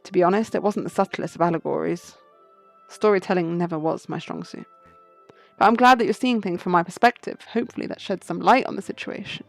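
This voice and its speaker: A woman's voice: on the low side, fairly quick, gravelly, soft background music. A woman voicing a suave male fox fugitive who speaks in a poised, riddling storyteller manner. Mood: cryptic.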